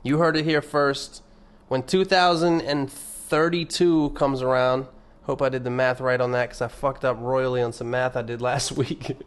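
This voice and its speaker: A man's voice: medium pitch, steady tone, normal speed, clean tone. Rambling, profane young man podcasting. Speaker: podcast host. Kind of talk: casual solo podcast rant.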